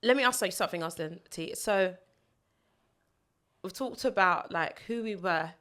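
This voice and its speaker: In a casual, heartfelt podcast conversation, this Nigerian co-host reflects openly and laughs with ease. She speaks at a moderate pace in a fairly low voice that is a bit bright.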